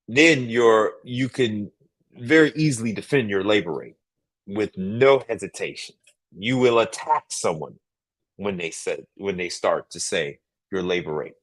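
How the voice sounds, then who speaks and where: A man hosting a casual livestream, giving emphatic business advice with a lot of repetition and frequent "right?" checks. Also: medium pitch.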